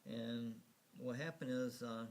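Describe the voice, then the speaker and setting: A man's voice: medium pitch, fairly even intonation, slow, darkish tone. A man casually narrating a slideshow, rambling and hesitant, full of fillers and restarts, chuckling at his own remarks. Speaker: video narrator.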